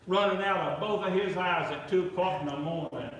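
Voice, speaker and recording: Speaking briskly in a high voice, a revival preacher tells lively stories and performs the quoted voices of his characters. He's in a big church sanctuary, captured from a distance with lots of echo.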